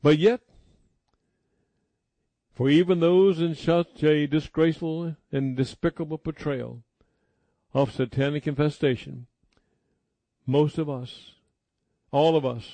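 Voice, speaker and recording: A man preaching a sermon emphatically, slowing down to stress key words. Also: a little high, darkish tone, no room sound.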